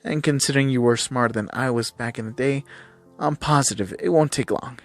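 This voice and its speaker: A man reading fan fiction aloud, voicing an ancient heroine woman who is a calm, patient, gently teasing mentor. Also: mid-range voice, fairly quick, soft background music, lightly acted.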